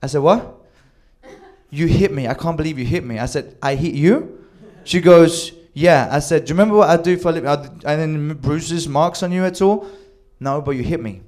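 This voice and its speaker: A man telling a wild personal story with animated delivery, acting out quoted lines and swearing freely. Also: on the high side, brisk, few pauses. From Sweden. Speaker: storyteller on a comedy show. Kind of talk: live comedic storytelling.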